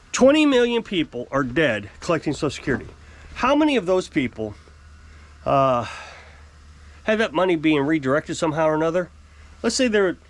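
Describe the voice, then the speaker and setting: Animated high-voiced man ranting on a vlog. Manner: animated, opinionated, mimics voices when quoting. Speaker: channel host. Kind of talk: casual political vlog rant.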